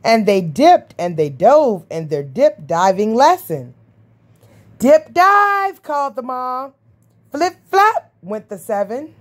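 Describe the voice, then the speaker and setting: A woman's voice: very animated, a little slow, hardly any pauses, darkish tone. A woman reading a rhyming picture book aloud in a sing-song rhythm. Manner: sing-song rhythm, jumping high for the creature calls. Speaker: storybook reader.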